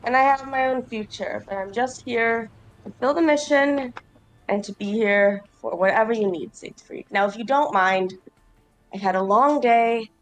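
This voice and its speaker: A woman's voice: fairly high pitch, moderate pace, close to an everyday voice. A woman voicing a weary, proud adventurer in a tabletop game, speaking in a clipped, defensive, tired way.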